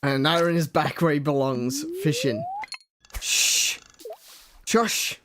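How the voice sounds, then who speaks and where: A young man streams a farming game, joking and chuckling as he talks through each move. His voice sits somewhat high for a man, and a faint noise hums under the recording. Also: fairly even intonation, normal speed. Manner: joking, chuckly, thinks aloud while playing. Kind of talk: casual gameplay chat.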